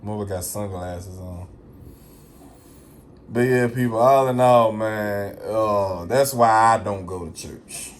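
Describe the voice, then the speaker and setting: Man hosting a casual monologue, unhurried, slangy, emphatic, repeats himself, swears. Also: on the low side, slight background noise. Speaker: vlogger.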